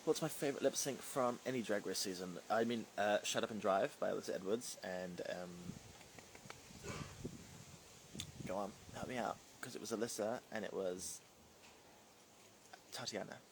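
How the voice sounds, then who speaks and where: Unhurried and prone to long pauses, a young man with a lowish voice casually answers fan questions on his livestream as a drag performer. He reads live comments, rambles, and leans on fillers. The audio is poor, with a little hiss or hum.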